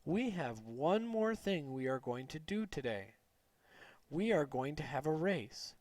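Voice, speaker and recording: A man's voice: a little high, very animated, a little slow, dry recording. A man voicing a friendly, encouraging female substitute teacher in a read-aloud storybook. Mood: cheerful. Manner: warm, encouraging.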